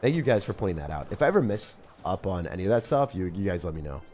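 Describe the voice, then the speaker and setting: A man streaming a mobile strategy game live, commentating his matches in an excitable, chatty way and talking to his viewers. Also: sits low, fast. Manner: animated, excitable, talks to chat. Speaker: gaming streamer. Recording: faint music behind.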